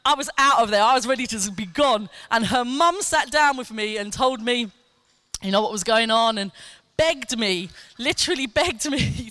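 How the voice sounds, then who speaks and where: A woman preaching a sermon, telling a personal testimony in an animated way and acting out quoted lines. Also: on the high side, smooth, dry recording. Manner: animated storytelling, acts out quotes, laughs often.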